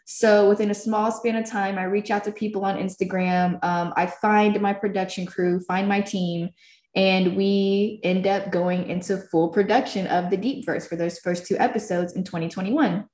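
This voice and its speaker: A woman's voice: mid-range voice, steady tone, moderate pace, darkish tone. Casual, profane woman storyteller in a roomy space. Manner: loose, profane, laughing as she tells it. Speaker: filmmaker and podcast creator. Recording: roomy echo.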